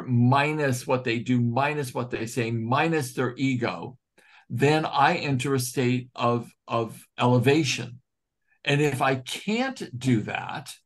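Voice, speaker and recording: A man in a casual spiritual group discussion over a video call, talking in an earnest, heartfelt and reflective way. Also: medium pitch. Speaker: study group participant.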